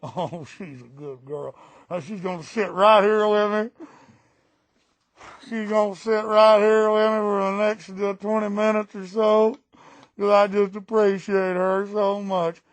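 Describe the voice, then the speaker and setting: A man's voice: sits high, fairly even intonation, a little slow, no echo. A man doing a gloating mock Texan politician. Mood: cooing. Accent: put-on Texan drawl. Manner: gloating, cackling, mocking. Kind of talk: political satire impression.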